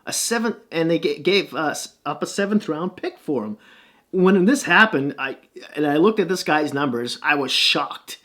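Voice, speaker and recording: Chatty man with a slightly high voice. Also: animated, normal speed, sharp tone. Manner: loose, rambling delivery with many fillers and restarts; reels off stats and standings. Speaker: hockey vlogger. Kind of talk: casual sports commentary.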